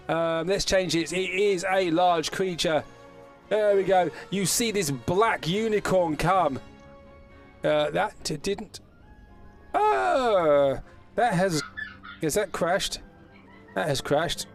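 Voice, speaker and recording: A man's voice: high-pitched, animated, takes it slowly, faint music behind. A man narrating as game master in a tabletop game, rambling and correcting himself as he goes. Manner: rambling, self-correcting narration with frequent restarts.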